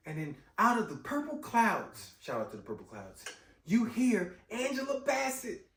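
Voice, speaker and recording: A man recapping a movie in casual chat, animated and slangy, often exclaiming. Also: high voice, moderate pace. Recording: roomy echo, distant mic.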